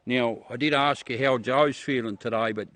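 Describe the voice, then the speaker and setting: An Australian man who hosts a livestream and chats casually with his viewers. He talks bluntly, swears freely and calls everyone mate, at an ordinary middle pitch. The recording is close and dry, with no room sound. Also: moderate pace, fairly bright tone, no echo. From South Australia. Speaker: livestream host.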